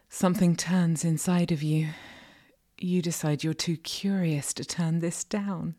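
A woman's voice: on the low side, fairly even intonation, measured pace, mellow. A woman narrating a second-person erotic audio role-play in a teasing, commanding manner, sometimes dropping to a whisper.

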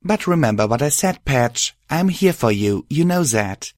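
A man's voice: expressive, normal speed, no echo, clean studio sound, close to an everyday voice. A man voicing an earnest, worried young female pegasus pony who pleads with a friend. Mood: pleading. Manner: pleading, raised pitch.

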